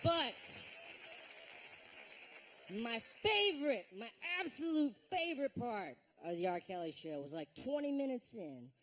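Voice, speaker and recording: A man performing a stand-up routine on stage, telling stories in an animated way with voiced reactions. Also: high-pitched. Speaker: stand-up comedian. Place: live show on stage.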